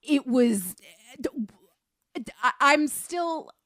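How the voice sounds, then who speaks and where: A woman's voice: high-pitched, expressive, a bit bright, dry recording. Woman cohost on a film podcast, fired up and exasperated, dry mic. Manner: emphatic, exasperated, talks fast when heated. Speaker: podcast co-host. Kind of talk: casual film review chat.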